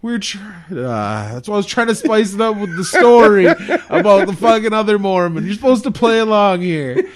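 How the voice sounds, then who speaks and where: A man hosting a casual podcast, joking and laughing through his stories. His slightly high voice swings widely in pitch, and he swears freely. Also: very animated, normal speed, hardly any pauses. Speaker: podcast host.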